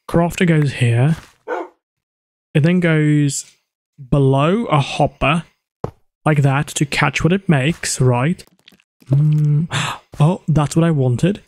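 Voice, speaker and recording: A man's voice: on the high side, a little mellow. Joking man narrating his game. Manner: chatty self-narration, joking, quick exclamations. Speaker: gaming channel host. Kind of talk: let's play commentary.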